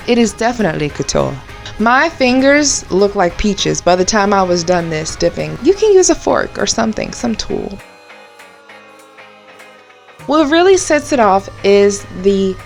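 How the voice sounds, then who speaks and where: A woman's voice: mid-range voice, gravelly. A woman hosting a baking tutorial, chatty and bubbly, talking straight to her viewers. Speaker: baker and cake channel host.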